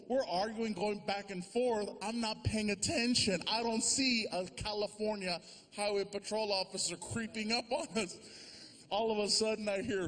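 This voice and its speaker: A man's voice: high-pitched, steady tone, normal speed. A man doing stand-up comedy on stage, telling a long story and acting out the voices of the people in it. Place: large theater before a live audience. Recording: live show with loud crowd noise.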